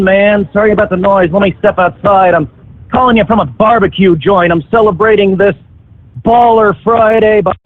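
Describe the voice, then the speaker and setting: Male radio caller, relaxed and opinionated, high voice over a thin phone connection. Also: no echo. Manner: casual, opinionated. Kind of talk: call-in radio talk. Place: outside a barbecue restaurant. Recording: dry tinny phone line.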